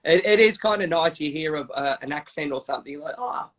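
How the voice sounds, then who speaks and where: Aussie male host, middle-aged, higher voice, relaxed chatty interviewer who backs up the guest constantly. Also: fast, background noise. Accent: Australian. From Australia. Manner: laid-back, frequent "yep" backchannels. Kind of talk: casual interview chat.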